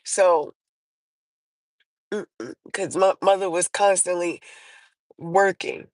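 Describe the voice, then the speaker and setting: A woman's voice: on the low side, steady tone, takes it slowly, long pauses, no room sound, rough recording. A woman hosting a livestream, telling personal stories in a casual, rambling way, full of fillers and restarts. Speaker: livestream host. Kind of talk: casual storytelling chat.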